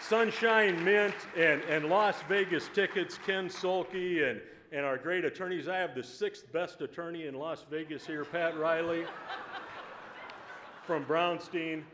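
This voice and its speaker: A man giving a loud, joking, profanity-laden acceptance speech at an awards dinner. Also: fairly high pitch, steady tone, measured pace. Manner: loud, joking, swearing freely. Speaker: company CEO accepting an award. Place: banquet hall at an awards dinner. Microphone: podium microphone. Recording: live hall recording with crowd and noise.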